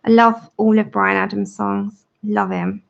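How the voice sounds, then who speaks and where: Her mid-range voice is gravelly and level, and she speaks unhurriedly. A woman in her thirties, she hosts a colouring livestream, chatting, giggling, and reading out viewer comments as she demonstrates, with dull lo-fi sound.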